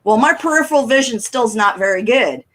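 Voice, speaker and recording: A woman's voice: a little high, quick pace, a little hiss or hum, low-quality recording. A middle-aged woman, co-hosting a casual talk show and telling chatty stories with a laugh. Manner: chatty storyteller, animated and laughing. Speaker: co-host.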